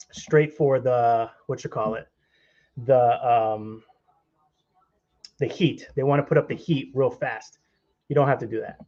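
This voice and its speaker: A man's voice: fairly high pitch, mellow, lo-fi sound. A young man hosting a live cooking stream in his kitchen, chatting and joking with viewers as he works. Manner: chatty, jokey, talks to viewers while cooking. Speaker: cooking channel host. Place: home kitchen.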